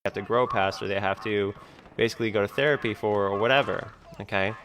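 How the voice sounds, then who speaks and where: A man's voice: on the low side, fairly even intonation, fairly quick, a bit bright. A man talking in a rambling vlog monologue, full of fillers like "like" and "you know". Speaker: video creator being reacted to.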